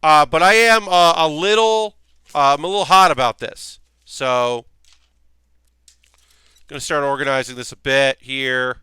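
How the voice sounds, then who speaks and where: A man streaming a model kit build rambles to his viewers in an irritated, chatty way, full of fillers and restarts. His voice is bright and clear, a touch high, and the close mic keeps it dry with no room sound. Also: measured pace, long pauses, no room sound. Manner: ranting, annoyed, rambling with many fillers. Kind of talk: casual live-stream chat.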